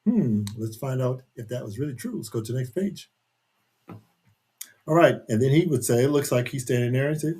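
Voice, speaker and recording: Husky-voiced man reading to kids. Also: mid-range voice, expressive, fairly quick, mellow. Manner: chatty, asks young listeners questions. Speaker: children's book reader. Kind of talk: reading a picture book aloud to children.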